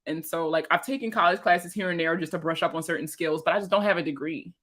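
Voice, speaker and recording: A woman's voice: on the low side, fast talker, a bit bright. A woman rambling casually on a livestream, talking in a loose and profane way and laughing often. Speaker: personal finance creator and veteran.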